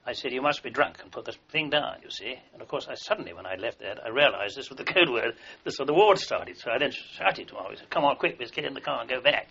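A man's voice: medium pitch, expressive, quick pace, vocal fry, hardly any pauses, bright, forceful tone, breathy edge. An older man, an army veteran, telling long wartime anecdotes in a rambling way with fillers and restarts, in a dull lo-fi recording. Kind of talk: oral history recollection.

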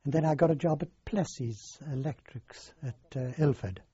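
An older man, recounting his past in a halting, rambling way in an oral history interview. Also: medium pitch, dark tone, slightly rough, no echo. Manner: halting, rambling storyteller with many fillers. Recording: dull lo-fi dry recording.

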